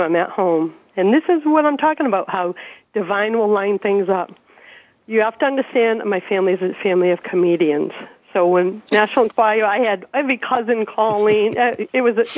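A woman in her fifties from Massachusetts, a guest telling her life story in an animated, chatty way and laughing as she goes. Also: mid-range voice, dry recording. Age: 50s. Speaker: interview guest. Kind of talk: casual storytelling. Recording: dry, tinny phone-like radio sound.

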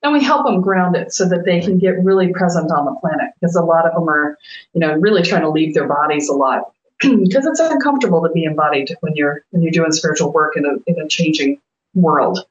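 A middle-aged woman co-hosting a talk show, telling stories in a lively, laughing way and acting out her own past outbursts. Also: deep voice, fairly quick, reverberant, lo-fi sound. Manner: animated, laughing, quotes herself with swearing. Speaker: spiritual coach and podcast co-host. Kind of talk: casual storytelling chat.

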